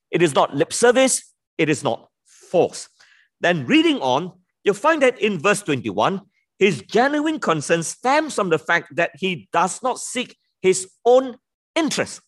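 Lively, high-voiced man preaching a sermon. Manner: lively, emphatic pulpit delivery with sudden drops on key words; self-deprecating, repeats key words for emphasis.

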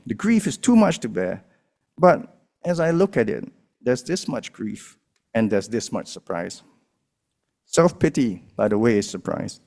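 A man's voice: medium pitch, gravelly, a little mellow. A man preaching a sermon, with emphatic rises and drops in his delivery. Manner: emphatic preaching with rising and falling dynamics. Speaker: pastor.

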